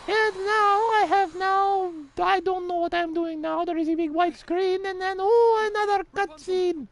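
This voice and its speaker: A man's voice: very high voice, steady tone, unhurried, hardly any pauses, fairly bright tone, a little hiss or hum. A man giving crude, profane let's-play commentary, ranting at the game and sometimes going mock-dramatic and sing-song. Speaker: gameplay commentator.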